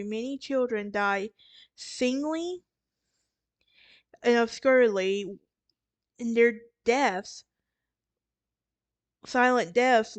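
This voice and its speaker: On a dry recording, a tired Southern woman with a fairly high voice hosts a true crime podcast. Her narration is casual and meandering, full of false starts and self-corrections.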